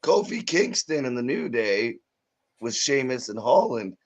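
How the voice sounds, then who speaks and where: A man co-hosting a live watch party in casual chat, mostly giving short replies and quick asides. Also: medium pitch, sing-song.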